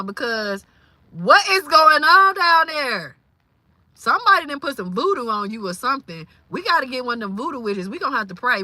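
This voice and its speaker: A woman from Louisiana hosts a casual livestream chat, her voice pitched a little high and very bright. She talks in an exclamatory, incredulous way and breaks into laughter often. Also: dry recording. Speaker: livestream host.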